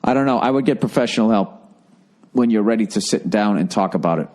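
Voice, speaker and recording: A man's voice: on the low side, fast, darkish tone. An American man hosting a podcast, talking bluntly and profanely, sarcastic, giving advice in casual chat. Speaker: podcast host.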